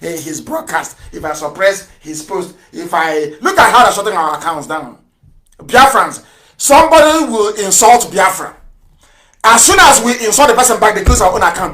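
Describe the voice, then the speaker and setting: Male radio broadcaster, high-pitched, fiery sarcastic political delivery with shouted peaks. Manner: fiery and sarcastic, with rhetorical questions and bursts of shouting.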